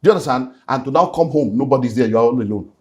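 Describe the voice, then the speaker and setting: A man's voice: mid-range voice, rapid-fire, darkish tone. Nigerian man, middle-aged, pastor guest, earnest testimony with Pidgin asides. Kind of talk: emotional personal testimony.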